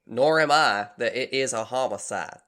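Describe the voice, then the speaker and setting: A man voicing a drawling Southern police lieutenant, reading out official statements slowly and deliberately in a put-on Southern US accent. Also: medium pitch, bright, forceful tone, natural voice.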